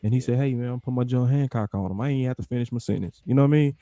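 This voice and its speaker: A man's voice: medium pitch, very fast, mellow, no room sound. A man co-hosting a casual sports fan live stream, laid-back and slangy, often drawing out his words. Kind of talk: casual chat.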